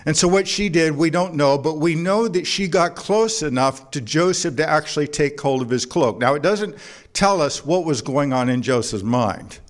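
A man's voice: on the high side, animated, normal speed. A man preaching a sermon to a congregation, mixing scripture with jokes and anecdotes in a conversational way. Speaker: pastor. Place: church before a congregation.

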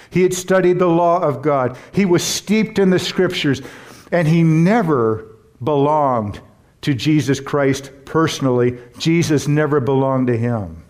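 A male pastor delivering a sermon in a slightly raised voice. He preaches earnestly and emphatically, drawing out key words slowly and then hurrying through asides. He often turns to the congregation with questions. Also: fairly high pitch, a little mellow. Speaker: pastor and Bible teacher.

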